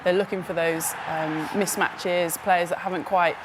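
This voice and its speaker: Female analyst, lowish voice, earnest, clear background noise. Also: fairly even intonation, unhurried. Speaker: pundit. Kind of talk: casual sports chat.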